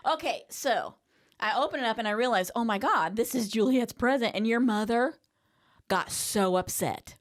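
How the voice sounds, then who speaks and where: A woman on a family podcast telling a story in long run-on sentences without pausing for breath. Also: a little high. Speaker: co-host. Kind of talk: casual family chat.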